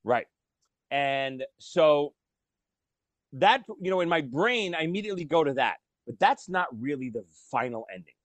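A man co-hosting a podcast, talking about movies in a casual, animated storytelling way. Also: fairly high pitch, moderate pace, dry recording. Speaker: podcast co-host.

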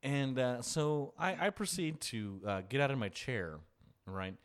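A man's voice: mid-range voice, sing-song, measured pace, clean tone. A man telling a story in casual chat, rambling and restarting, laughing often.

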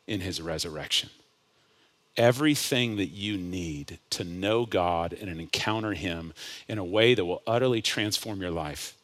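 A male pastor preaching a sermon, climbing to loud impassioned peaks and dropping to hushed lines. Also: sits low. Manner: builds to loud impassioned peaks, then drops to hushed asides.

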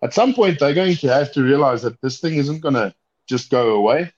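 A man's voice: mid-range voice, lively intonation, fairly quick, darkish tone, dull audio, slight background noise. A South African man who makes knives, chatting casually and rambling a bit, with restarts and laughter. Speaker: knifemaker guest. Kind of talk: casual chat over a call.

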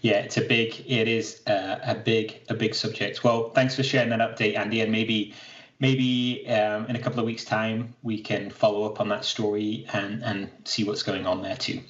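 A man's voice: lowish voice, little pitch movement, moderate pace, a bit bright. A British man co-hosting a casual chat, self-deprecating and rambling, often restarting sentences. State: keeps clearing his throat. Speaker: podcast co-host. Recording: slightly dull lo-fi sound.

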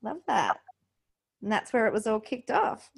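A woman hosting a podcast interview, effusive and chatty, asking her guest quick questions. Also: a little high, very animated, vocal fry, breathy edge. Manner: warm and effusive, gets emotional. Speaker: podcast host. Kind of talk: casual interview chat.

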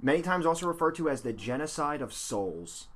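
Male podcast host, lively swearing storyteller, slightly high voice. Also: fairly quick. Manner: animated storyteller who swears and laughs. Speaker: podcast co-host telling a dark history story. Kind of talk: casual profane podcast banter.

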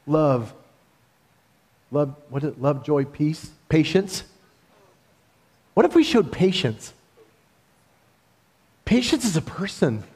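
Animated, high-voiced male preacher. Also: slow, long pauses, breathy edge. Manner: animated, conversational storytelling with laughs. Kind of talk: sermon.

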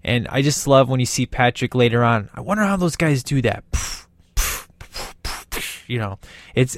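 A man giving a casual, rambling movie review, excited and acting out bits of scenes in quick voices. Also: medium pitch, dry recording.

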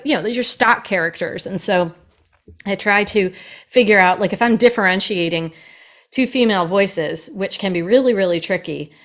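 A woman who narrates audiobooks, chatting in a podcast about her craft, quick and lively in her delivery. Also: medium pitch. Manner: fast, lively and animated. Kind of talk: casual podcast conversation.

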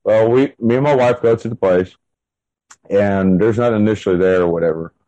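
Guy in his 30s telling a story in a loose rambling way, lowish mellow voice, dry sound. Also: a little fast, no echo, muffled recording. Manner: rambling, full of "like" and "and everything" fillers. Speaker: interviewee. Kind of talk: casual first-person storytelling.

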